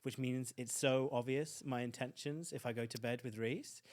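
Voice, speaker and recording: A man, the podcast's producer, chatting casually, halting and laughing while he tells a story. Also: mid-range voice, fairly even intonation, a little mellow. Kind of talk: casual chat.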